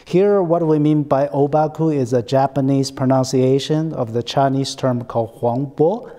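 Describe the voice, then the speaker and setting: A man's voice: mid-range voice, normal speed, warm tone. A man hosting an academic conversation, hesitant and repeating himself, often ending points with a tag question. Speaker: interview host, center scholar.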